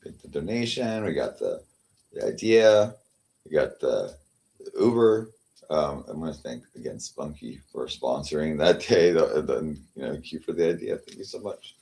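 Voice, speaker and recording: A man chatting casually on a livestream, halting and repeating his words, trailing off and sometimes dropping to a murmur. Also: very deep voice, very animated, vocal fry, a little mellow. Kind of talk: rambling casual livestream chat.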